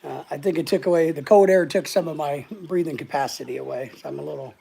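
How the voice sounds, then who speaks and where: A woman's voice: deep voice, quick pace, gravelly, mellow, breathy edge. A woman hosting a casual live stream, a little short of breath, rambling and greeting viewers one by one.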